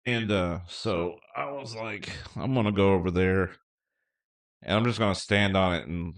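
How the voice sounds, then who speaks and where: A man's voice: deep voice, moderate pace, recorded from a distance. A middle-aged man hosting a podcast, telling a personal story in an earnest, heartfelt way, rambling with fillers. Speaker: podcast host. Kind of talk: casual storytelling.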